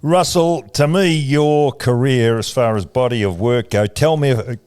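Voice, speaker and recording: A man co-hosting a podcast wanders through a long question, full of "uh"s and corrections. His voice is smooth and resonant, at an ordinary male pitch. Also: a little slow, a little mellow. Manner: meandering questions with fillers. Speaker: podcast co-host. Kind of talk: casual interview chat.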